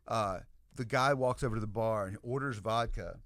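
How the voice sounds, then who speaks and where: An American man and podcast guest telling an animated, rambling story in casual chat, with many asides to the listeners. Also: lowish voice, moderate pace, no room sound, clean studio sound. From United States.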